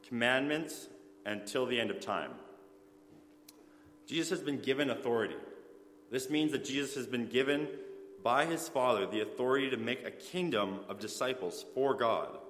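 A man's voice: on the low side, fairly bright tone, roomy sound, in a large hall. A man giving an earnest sermon in a church, stopping now and then for fillers and self-corrections. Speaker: preacher.

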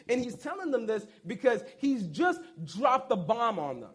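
A male preacher with an unusually high voice for a man, talking through scripture in a loose, chatty sermon. He tells the story with lively energy and drops playful jokes to the congregation along the way. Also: normal speed, slightly rough. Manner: animated, joking asides, storytelling. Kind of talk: casual conversational sermon.

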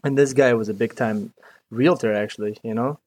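A man's voice: mid-range voice, steady tone, fairly quick, a little mellow. A young man from Iraq, a mechanic guest chatting casually in an interview, rambling and peppering his talk with "dude" and "you know".

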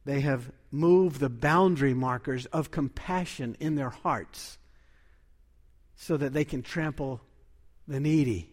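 A man preaching a sermon in a measured, emphatic way, lifting his voice when he quotes scripture. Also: medium pitch, big-room sound.

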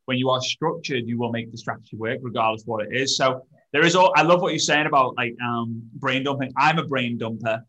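A male podcast host with an even, mid-range voice, talking in a relaxed, eager way. He jumps back into his sentences often and keeps the chat moving with his guest. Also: medium pitch, brisk, hardly any pauses, rough recording. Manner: enthusiastic, restarts sentences often. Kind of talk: casual interview chat.

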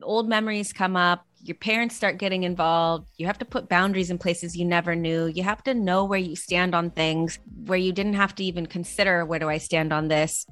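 Earnest lower-voiced woman guest. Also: fairly even intonation, a little fast, few pauses, fairly bright tone, soft background music. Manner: earnest, explanatory, enthusiastic. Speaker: parenting course co-founder, guest. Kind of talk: casual conversational interview.

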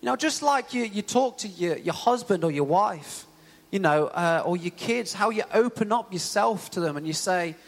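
A man's voice: high voice, normal speed, creaky. A young man preaching a sermon in a casual, storytelling way, full of "you know" fillers. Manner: conversational, animated storytelling with many fillers. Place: church hall. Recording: long church hall reverb.

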